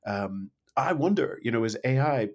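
A man co-hosting a podcast, talking in casual chat, animated and hesitant, often restarting his sentences. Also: medium pitch, normal speed. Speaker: podcast co-host. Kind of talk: casual conversation.

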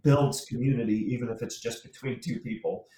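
A man's voice: mid-range voice, steady tone, a little fast, mellow. A man in casual conversation, rambling and restarting, laughing often. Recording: roomy and distant from mic.

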